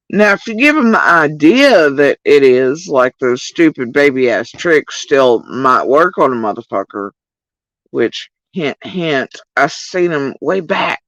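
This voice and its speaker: A woman's voice: low voice, no room sound, muffled recording. A woman livestreamer talking casually to her chat in a profane, heated rant, addressing viewers directly. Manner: profane, animated ranting.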